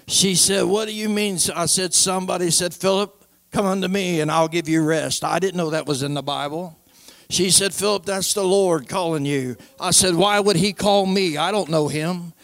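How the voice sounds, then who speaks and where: A man's voice: high-pitched, dry recording. A man preaching his own testimony in an emphatic way, repeating phrases and acting out old conversations.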